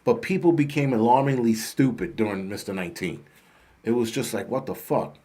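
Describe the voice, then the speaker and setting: A middle-aged man hosting his own channel rants to camera in a mid-range, husky voice with a dark tone, speaking a little fast. He tells a story bluntly and heatedly, swearing heavily.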